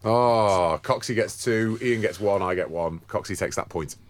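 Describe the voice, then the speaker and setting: A man with a Scouse accent, an excitable, boisterous podcast co-host telling stories and bantering. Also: on the low side, moderate pace. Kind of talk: casual banter.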